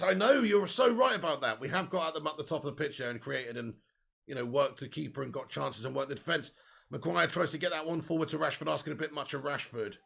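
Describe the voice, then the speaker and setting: Bloke doing a live match watch-along, really gravelly, kinda high voice, chatty and sweary. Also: male voice. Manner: excitable, chatty, swears freely, reads chat aloud. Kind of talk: casual live match commentary.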